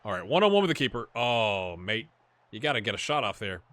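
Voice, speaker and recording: A man hosting a gaming video, chatting and reacting excitedly as he plays a football management game. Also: lowish voice, fairly quick. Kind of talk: live commentary while playing a football management game.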